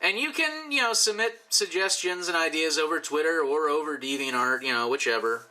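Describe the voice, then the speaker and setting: A man's voice: fairly high pitch, animated, fairly quick, pushed and bright, low-quality recording. A tipsy man rambling and joking with profane asides while he draws for his channel. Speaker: YouTuber drawing commissioned art. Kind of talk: casual rambling commentary while drawing.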